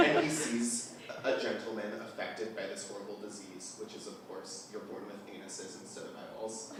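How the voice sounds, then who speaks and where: A man's voice: fairly low pitch, brisk, background noise. A young man doing stand-up comedy before a live audience, talking in a rambling way with lots of fillers and acted-out quotes. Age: young adult. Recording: roomy echo, distant from the mic, audience laughter.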